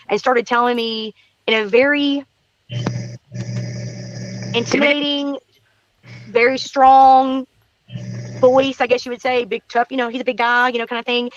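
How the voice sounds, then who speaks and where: A woman's voice: fairly high pitch, fast, no room sound, dull audio. A woman telling a story in casual talk, acting out what people said and repeating phrases for emphasis. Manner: animated, acts out quotes, repeats herself. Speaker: guest recounting neighborhood encounter.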